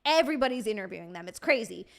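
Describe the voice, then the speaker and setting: A woman's voice: medium pitch, animated, racing, vocal fry. A young woman streamer chatting casually, swearing freely and answering her live chat.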